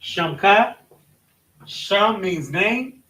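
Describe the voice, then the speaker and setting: A man's voice: high voice, animated, drawn-out words, pushed and bright. A man teaching a Bible lesson at a marker board, explaining step by step with frequent restarts and self-corrections. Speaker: religious study teacher. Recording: roomy echo, voice from a distance.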